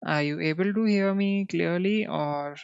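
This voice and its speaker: A man with an Indian English accent leads a live coding class in an unhurried, smooth voice, peppering his talk with "you know" and checking whether viewers can follow. The sound is dry and close, on a dull, lo-fi stream. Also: high voice, no room sound. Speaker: coding instructor.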